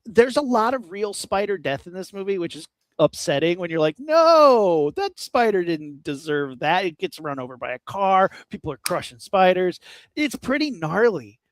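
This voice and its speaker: A man with a fairly high voice talks about films in a loose, rambling way, cracking jokes as he goes. The sound is dry and close to the mic, with no room in it. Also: no echo. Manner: rambling, animated, quick to joke. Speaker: podcast co-host. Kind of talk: casual movie chat.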